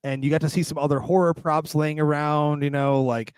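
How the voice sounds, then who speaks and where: A man's voice: on the high side, level tone, clear, resonant tone, no echo. Enthusiastic male podcast host, dry sound. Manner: enthusiastic, emphatic, quick bursts. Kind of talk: casual film review chat.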